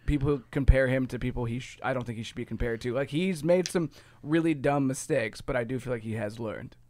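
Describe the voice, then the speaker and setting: A man's voice: mid-range voice, brisk, darkish tone, no room sound. A man from Ohio with a Midwestern accent, co-hosting a casual chat and explaining things in a rambling, self-correcting way. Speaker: podcast co-host.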